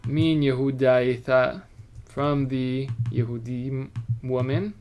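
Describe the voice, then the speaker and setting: Male Torah teacher, mid-pitched, casual, reads verses aloud and then explains them, with keyboard typing faint in the background. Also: steady tone, slow, a little mellow, a little hiss or hum. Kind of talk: informal text study lesson.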